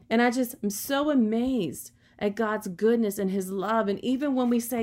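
A woman's voice: a little high, normal speed, few pauses, a little mellow. A woman preaching a sermon in an earnest, encouraging way, often adding "you know" as she talks.

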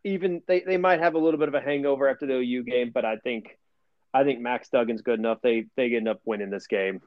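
A man's voice: medium pitch, fast, no room sound. A man co-hosting a casual sports podcast, bantering and teasing his co-host. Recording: dull, lo-fi dry sound.

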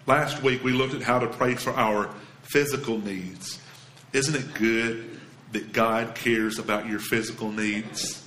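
A man's voice: takes it slowly, a little hiss or hum. Earnest preacher man with a roomy echo. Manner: earnest, emphatic preaching that drops soft and low for scripture. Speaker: pastor. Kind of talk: sermon.

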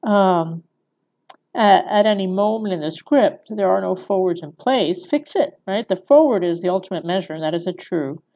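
A woman's voice: mid-range voice, normal speed, lo-fi sound. A woman giving a conversational screenwriting lecture, often checking in with her listeners by asking "right?". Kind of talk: recorded lecture.

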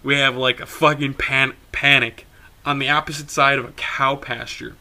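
A young man, a podcast co-host, telling a story in casual talk, animated, swearing freely and laughing as he goes. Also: medium pitch, normal speed.

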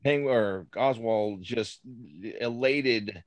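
A man's voice: medium pitch, slow, dry recording. A man in casual podcast chat, laid-back and slangy, laughing along.

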